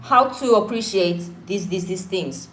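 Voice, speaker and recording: Faint music plays behind a woman with a medium-pitched, fairly bright voice speaking at a measured pace, her room echoing. She's from Korea, Korean is her first language, and she co-hosts a casual live chat during a power cut at home, reflective and earnest, using some pidgin phrases.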